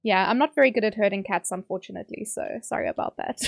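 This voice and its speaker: A woman's voice: medium pitch, fast, vocal fry, no echo, clean studio sound. A young woman streaming a game, chatting casually and ranting, with sudden yelps at the action. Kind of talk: casual live-stream chat while gaming.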